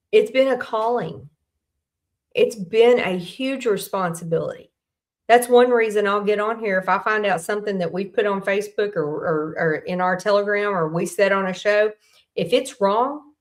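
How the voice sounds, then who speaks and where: A middle-aged woman, hosting a casual faith talk in a folksy, candid storytelling way. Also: medium pitch. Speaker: host.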